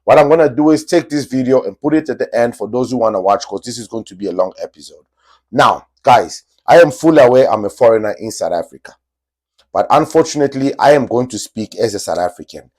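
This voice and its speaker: A man from Angola hosts a podcast in an opinionated solo monologue. His pitch swings widely as he hammers points home, repeating phrases for emphasis. He talks straight to his audience at a middle pitch. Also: expressive, quick pace, a little mellow. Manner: emphatic, repetitive, speaks straight to viewers. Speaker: podcast host.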